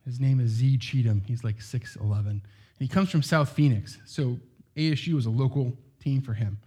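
A man's voice: medium pitch, moderate pace, warm tone, husky. A middle-aged man preaching a sermon in a loose, conversational way, full of asides and rhetorical questions.

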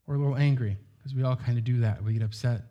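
A man's voice: medium pitch, fast talker, highs cut off. A middle-aged man preaching a sermon in a loose, conversational way, full of asides and rhetorical questions.

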